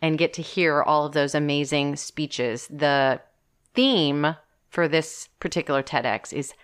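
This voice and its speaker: A woman with a notably low voice, clear and smooth, chatting casually as a podcast co-host. She talks in a lively, playful way and laughs readily at a close microphone. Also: a little slow.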